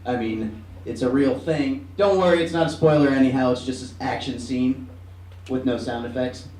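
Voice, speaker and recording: A man's voice: medium pitch, normal speed, darkish tone. A young man hosting a comedy show, loose and offhand. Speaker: show host. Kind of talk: casual hosting banter. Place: student comedy room with audience. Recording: echoey room, far from mic, faint noise.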